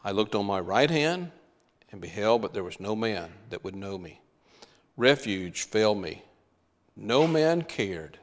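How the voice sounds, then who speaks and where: A man preaching a sermon, stretching out key words for dramatic emphasis. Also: medium pitch. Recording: long hall reverb.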